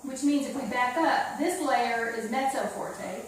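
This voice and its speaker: High-voiced woman piano teacher, echoey room. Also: a little slow, slight background noise. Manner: sings counts and rhythms aloud while explaining; upbeat and coaxing, checks in with "okay?". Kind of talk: one-on-one piano lesson. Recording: echoey room, far from the mic. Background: piano playing.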